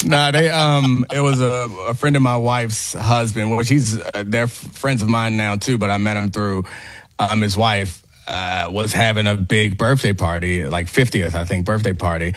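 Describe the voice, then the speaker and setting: A man's voice: fairly low pitch, steady tone, moderate pace, no room sound. Laughing, teasing man in dry studio sound. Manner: playful trash talk, laughs often. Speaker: co-host. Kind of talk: casual sports talk chat.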